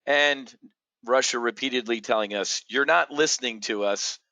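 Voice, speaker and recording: A man hosting an opinionated market commentary show, blunt and combative, jumping from loud outbursts to low muttering. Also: moderate pace, dry recording. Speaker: options trading show host.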